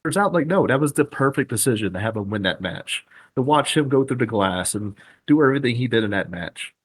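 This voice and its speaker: A man who is a guest on a podcast, recounting events in casual chat with excitement and frequent swearing. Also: medium pitch, fairly quick, breathy edge.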